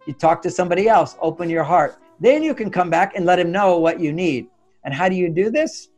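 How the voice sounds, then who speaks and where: An older man, a relationship author being interviewed, giving advice through animated stories and acting out what he and his wife said. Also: sits high, brisk, faint music behind. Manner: acts out quoted voices of himself and his wife.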